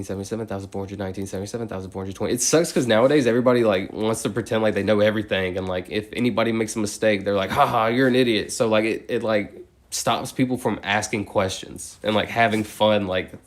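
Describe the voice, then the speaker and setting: A man on a live stream counting numbers aloud, breaking into chatty tangents packed with "like". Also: lowish voice. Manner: fast, steady number recitation broken by chatty tangents full of "like".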